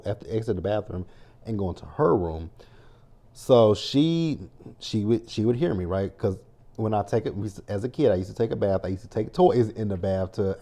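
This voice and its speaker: A man's voice: lowish voice, mellow. A man hosting a casual TV recap video, chatty and rambling, often turning to his viewers to address them directly. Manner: chatty, repeats "you guys" a lot; tells personal stories with many restarts. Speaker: TV recap host. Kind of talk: casual review vlog.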